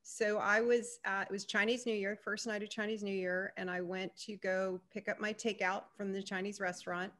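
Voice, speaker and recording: A woman speaking as a panelist over a video call, telling a personal story in an animated way and acting out the dialogue, with some ums. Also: mid-range voice, normal speed, hardly any pauses.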